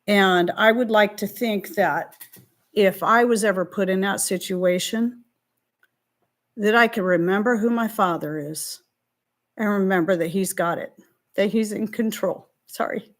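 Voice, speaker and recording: A middle-aged woman hosting a live stream, talking through viewer questions in a heartfelt, faith-filled way, rambling and restarting, fighting back tears. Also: mid-range voice. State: emotional, near tears.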